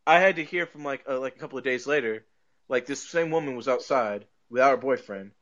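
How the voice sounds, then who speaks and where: A man's voice: medium pitch, fairly quick, fairly bright tone, highs cut off. A man co-hosting a podcast, telling stories in casual chat, swearing freely, stumbling over repeated words and laughing often. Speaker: podcast co-host.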